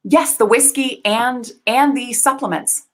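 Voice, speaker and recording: A woman's voice: fairly high pitch, a little slow, fairly bright tone, low-quality recording. A haughty biotech executive, played by a woman who bosses her staff around in slick corporate jargon. She is pompous and dismissive, talking down to the people who work for her. It comes across as an improvised comedy scene.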